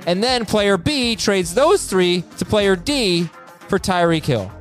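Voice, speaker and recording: A man hosts a chatty podcast, reading listener emails aloud. His voice sits a bit high and swings widely in pitch. He jokes and laughs as he reads, with soft music playing underneath. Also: takes it slowly. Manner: animated, joking, laughs while reading. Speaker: podcast host.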